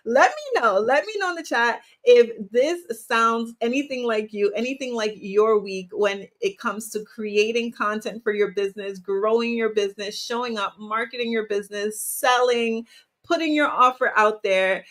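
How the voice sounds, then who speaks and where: A woman runs her own podcast as a business coach, speaking energetically and motivationally to her listeners and often putting questions to them. Her mid-range voice is fairly bright and moves at a moderate pace in this solo talk.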